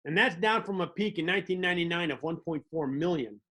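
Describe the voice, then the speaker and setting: A man's voice: on the high side, quick pace, bright, forceful tone. A man hosting a comedic monologue, telling wry stories with little mock dialogues. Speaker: host.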